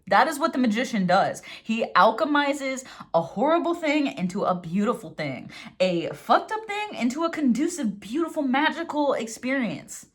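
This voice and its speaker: A young adult woman giving a casual tarot reading, swinging between animated, swearing rants and soft, slow readings of affirmations from her card book. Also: fairly high pitch. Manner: animated, swears freely, gets worked up then reads affirmations softly. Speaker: tarot reader.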